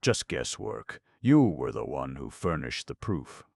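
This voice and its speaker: Eager young gent in an audiobook, man reading, deep gravelly voice, brisk and excited. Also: dry recording, studio quality, heavily acted. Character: eager young Boston gentleman. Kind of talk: audiobook narration.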